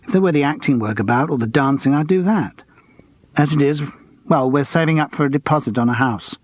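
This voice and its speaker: A man's voice: a little high, brisk, no echo, natural voice. A man reading an audiobook, voicing a young male escort and out-of-work actor who talks in a breezy, cheeky, gossipy way.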